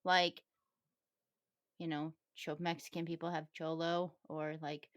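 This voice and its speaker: A woman co-hosting a casual podcast chat, teasing and quick to laugh. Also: deep voice, level tone, crowd noise. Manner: giggly, teasing. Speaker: podcast co-host.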